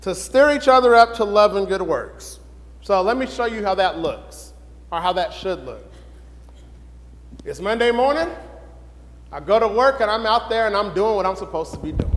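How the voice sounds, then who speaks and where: A man teaching a Bible lesson in sermon style, questioning the room and building to excited shouts. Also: sits high, long reverb tail, a little hiss or hum.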